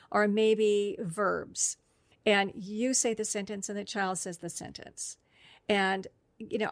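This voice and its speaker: A woman's voice: mid-range voice, no room sound. A woman speech therapist giving a friendly, explanatory professional development talk. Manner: friendly, explanatory, with occasional laughs. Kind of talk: instructional podcast talk.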